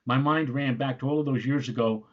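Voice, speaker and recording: A man co-hosting a casual chat, relaxed and teasing, reading quiz questions. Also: mid-range voice, fairly quick. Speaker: co-host. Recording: dull lo-fi sound.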